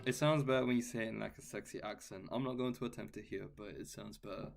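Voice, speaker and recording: Gravelly laid-back guy saying bro. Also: lowish voice, steady tone, fast, soft background music. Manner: laid-back, says "bro" and "man" a lot. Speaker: guitar teacher answering live chat questions. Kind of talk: casual livestream Q&A.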